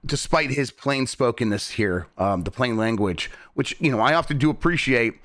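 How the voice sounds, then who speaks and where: A man's voice: medium pitch, animated, moderate pace, fairly bright tone, dry recording, studio quality. A man co-hosting a games news show, talking things through in a hesitant, thoughtful way with frequent restarts. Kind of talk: casual news discussion.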